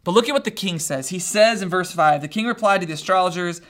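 A man preaching a casual sermon, retelling a story in an animated, conversational way and often checking in with his listeners. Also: sits high, quick pace, few pauses.

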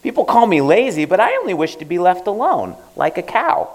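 Lazy sulky village boy, whiny and high, played by a man. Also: huge pitch swings, a little fast, heavily acted.

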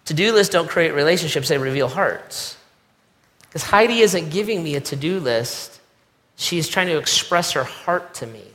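A man's voice: on the high side, lively intonation, normal speed, a bit bright, big-room sound. A middle-aged man preaching a conversational sermon, repeating key lines and acting out quoted voices. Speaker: pastor.

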